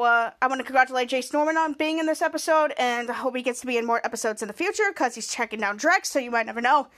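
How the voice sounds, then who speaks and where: Woman, podcast host, high-pitched, excitable, gushing, casual recap. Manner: gushing and excitable, with many fillers.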